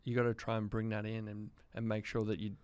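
Australian man, 30s, podcast guest, smooth voice, candid and halting, dry close mic. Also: on the low side, monotone, darkish tone, dry recording. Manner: reflective, halting, many restarts. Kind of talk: candid conversational interview.

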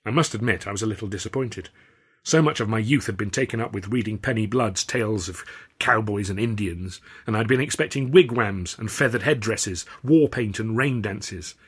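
A man's voice: fairly low pitch, moderate pace, fairly bright tone, breathy edge. A man reading his own first-person story aloud in a wry, dry storytelling manner. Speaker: author and reader.

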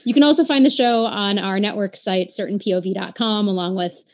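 Relaxed woman plugging her podcast. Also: medium pitch, a little fast. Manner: hesitant, with fillers and restarts. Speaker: podcast co-host. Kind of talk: casual chat.

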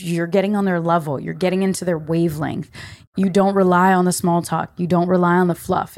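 A woman's voice: mid-range voice, darkish tone. A young woman hosting a podcast, talking casually and emphatically in slangy, chatty life advice. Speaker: podcast host.

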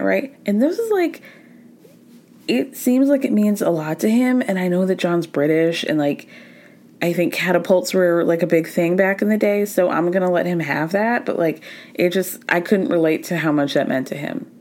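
A young adult woman hosting a podcast, recapping reality TV in a chatty, sarcastic and animated way. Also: medium pitch. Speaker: podcast host. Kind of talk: casual pop culture recap.

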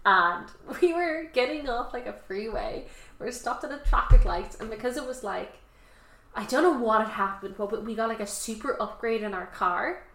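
A woman from Ireland co-hosting a podcast, telling stories in a lively casual way and acting out what people said. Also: fairly high pitch, normal speed, roomy sound. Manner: animated storytelling, acts out quotes. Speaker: podcast co-host. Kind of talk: casual chat.

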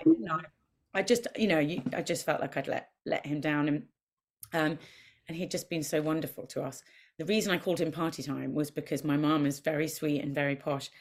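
A woman guest on a podcast, chatting and telling lively anecdotes, acting out what she and others said. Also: low-pitched. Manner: animated storyteller who acts out voices and quotes.

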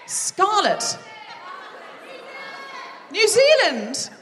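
A woman hosting a live comedy podcast, chatting and teasing the audience from a theatre stage with quick asides. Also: extremely high pitch, wildly swooping pitch, fairly bright tone, a faint crowd, a little hiss or hum. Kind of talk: live stand-up crowd work. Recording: live theatre recording with long reverb.

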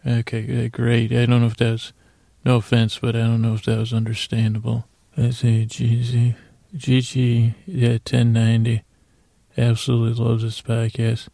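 Gravelly, rambling man hosting a podcast. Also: mid-range voice, completely flat delivery, normal speed, mellow, no room sound. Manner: rambling, whimsical, talks to imaginary creatures. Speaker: podcast host. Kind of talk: casual, playful thank-you segment.

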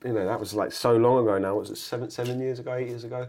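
A young adult man, an actor guest on an interview podcast, telling stories in a rambling, animated way. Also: medium pitch, very fast, crowd noise. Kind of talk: casual interview chat.

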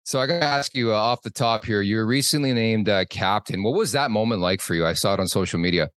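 A man's voice: fairly low pitch, fast, fairly bright tone, no room sound. A man co-hosting a casual hockey podcast, joking, teasing and swearing. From Canada. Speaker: podcast co-host. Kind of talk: casual sports podcast chat.

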